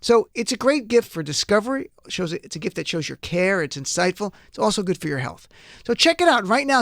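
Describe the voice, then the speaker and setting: High, chatty New Jersey radio host. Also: male voice, quick pace, no echo, clean studio sound. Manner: chatty, jokey and animated. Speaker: radio talk show host. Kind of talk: live radio talk with host-read ad.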